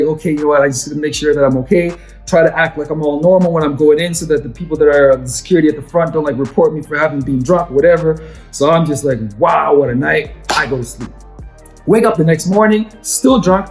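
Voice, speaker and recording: A young man telling a story in casual chat, animated and acting out his friends' voices. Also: sits high. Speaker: vlogger. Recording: echoey room with faint music.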